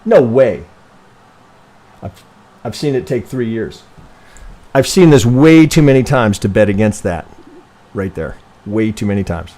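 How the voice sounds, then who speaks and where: A man's voice: lowish voice, moderate pace, dark tone. A man in a loose live-stream lesson, talking through charts as he goes. He is blunt and profane, stops himself mid-sentence to rephrase, and keeps tossing "right?" to his viewers. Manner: rambling, profane, constantly self-correcting, asks "right?"; thinks aloud while working through charts. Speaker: trading educator reviewing member charts.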